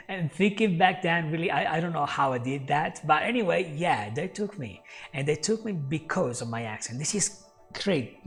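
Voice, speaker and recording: An English teacher who is not a native speaker, giving job tips to camera in an upbeat way and often calling the viewer "my friend". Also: male voice, fairly high pitch. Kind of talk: talking to camera, tips video. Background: faint music.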